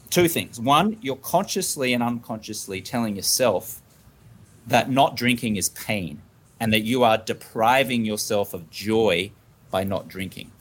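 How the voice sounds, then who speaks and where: Australian man telling stories animatedly. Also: lowish voice. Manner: animated storytelling, acting out little scenes. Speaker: podcast guest. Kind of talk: casual interview talk.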